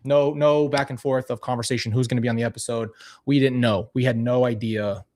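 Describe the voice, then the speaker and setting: A man's voice: mid-range voice, steady tone, brisk, a little mellow. A man talking casually and candidly to camera as a vlogger, commenting on old clips of himself with frequent restarts.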